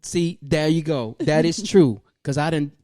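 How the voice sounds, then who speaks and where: A man's voice: fairly high pitch, unhurried, a crowd in the background. A man in a casual podcast chat, telling stories and reading out listener comments. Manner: reads listener comments, storytelling. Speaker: podcast co-host.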